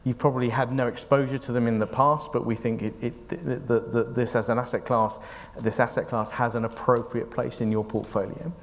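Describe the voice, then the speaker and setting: A man's voice: mid-range voice, little pitch movement, brisk, hardly any pauses. A man, an investment fund manager, giving earnest, explanatory answers in an onstage interview and thinking aloud as he speaks. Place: large conference hall. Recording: echoey hall reverb.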